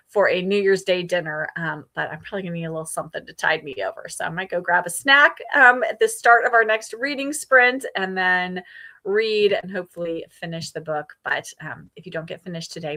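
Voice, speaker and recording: A woman's voice: on the low side, pushed and bright. A woman hosting a casual livestream readalong, chatting with viewers and sprinkling her talk with ums and little laughs. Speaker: book streamer hosting a readalong.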